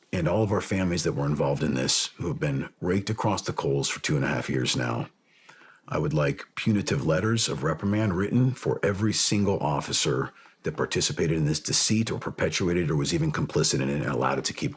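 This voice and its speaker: A man in his forties, a Navy officer, speaking earnestly about faith and forgiveness in a podcast interview, building to impassioned emphasis at times. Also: a bass voice. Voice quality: very smooth, resonant. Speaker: podcast guest, Navy SEAL captain.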